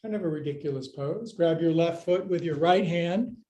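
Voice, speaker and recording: An older man with a high voice leads a live yoga class. He talks in quick, playful cues and counts each hold, and he runs a little short of breath along the way. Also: dark tone. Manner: upbeat, playful coaching cues, counting reps. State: out of breath at times. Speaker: yoga teacher.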